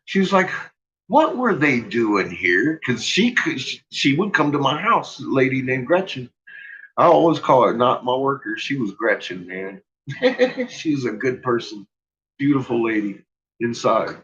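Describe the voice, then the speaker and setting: A man's voice: mid-range voice, sing-song, normal speed, fairly bright tone. Guy telling a story, cusses a lot and laughs a bunch, kinda dull lo-fi sound. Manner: profane, laughs often while telling. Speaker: vlogger telling a personal story. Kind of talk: casual storytelling.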